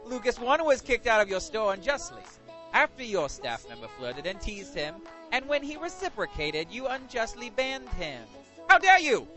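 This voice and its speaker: A booming, over-the-top game show host, played by a man, declaims an outraged letter in a high, swooping voice. Every line comes out as a grandiose proclamation, bright and sharp in tone. Faint music sits underneath. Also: sing-song, normal speed, exaggerated voice. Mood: indignant.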